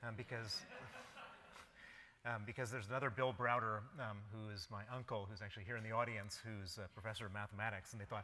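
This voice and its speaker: A man in his fifties with an American accent gives a public lecture, telling his life story wryly. His voice is low but bright and sharp. The sound carries a long reverb from a lecture hall. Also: fairly even intonation, fairly quick. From United States. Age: 50s. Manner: wry storytelling with frequent ums. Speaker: guest lecturer.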